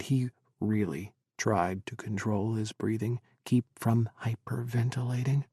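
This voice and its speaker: A man narrating an audiobook in an even, measured reading. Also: on the low side, breathy edge, no room sound, studio quality. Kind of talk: scripted narration.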